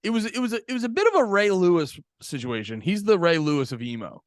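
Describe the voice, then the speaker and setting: Male podcast co-host, sarcastic rambling talker, smooth tone, dry studio sound. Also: high-pitched, sing-song, quick pace, dry recording. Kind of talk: casual chat.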